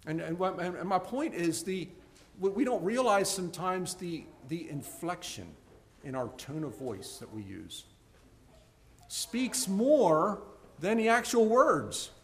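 Male preacher, raised pitch with a gravelly edge, sermon delivery that surges loud and falls quiet, restarts with repeated words. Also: very animated, measured pace. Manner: rises to loud emphatic peaks, then drops low and soft.

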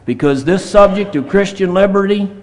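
A man's voice: high-pitched, normal speed, darkish tone. A man preaching a plainspoken, earnest sermon at a church service, reading scripture aloud. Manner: earnest, plainspoken, reads scripture in King James wording.

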